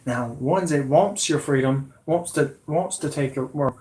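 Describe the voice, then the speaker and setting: A man's voice: on the high side, a little slow, a little mellow. A man in his late thirties hosting his own channel, delivering a heated, repetitive, confrontational political rant. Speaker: channel host.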